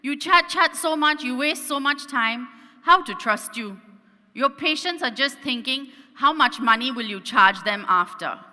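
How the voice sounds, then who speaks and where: A man's voice: very high voice, animated, unhurried, pushed and bright, voice pushed up, exaggerated voice. A woman voicing a blunt older male taxi driver with a Singaporean English accent, lecturing in clipped sentences, in a hall with long reverb.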